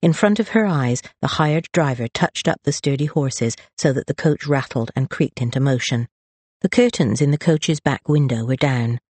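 Expressive audiobook narrator with a husky, breathy tone, dry close sound. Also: mid-range voice, normal speed, no room sound. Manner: expressive, lively storytelling. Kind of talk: scripted narration.

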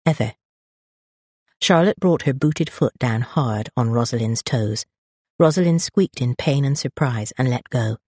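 Expressive audiobook narrator with a husky, breathy tone, dry close sound. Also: medium pitch, measured pace, no echo. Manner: expressive, lively storytelling. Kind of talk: scripted narration.

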